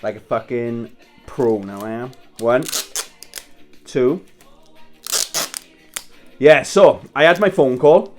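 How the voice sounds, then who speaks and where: A man's voice: mid-range voice, animated, slow pace, long pauses, darkish tone. A man in his thirties casually telling a story while wrapping presents, swearing and chuckling as he talks. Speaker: vlogger. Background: Christmas music playing faintly.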